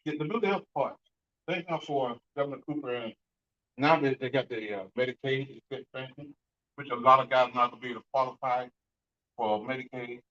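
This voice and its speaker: A man giving an emphatic conference talk to an audience, with sudden bursts of loudness. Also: medium pitch, fairly quick, muffled recording. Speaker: conference speaker on fatherhood and reentry. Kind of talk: speech to an audience.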